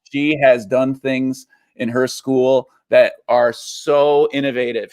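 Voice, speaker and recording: A man's voice: medium pitch, no room sound. A man hosting an interview show over a video call, upbeat and full of praise. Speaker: podcast host. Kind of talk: interview talk.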